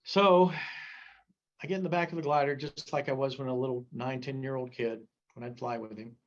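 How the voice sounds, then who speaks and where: An older man in his seventies gives a safety talk, moving between rules and folksy, joking stories. His voice sits at a middle pitch, and the recording sounds dull and lo-fi. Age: 70s. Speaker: gliding safety speaker.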